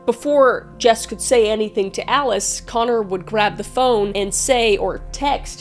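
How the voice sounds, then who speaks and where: A woman telling a true-crime story in a chatty, profane way, with frequent asides to the viewer. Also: fairly high pitch.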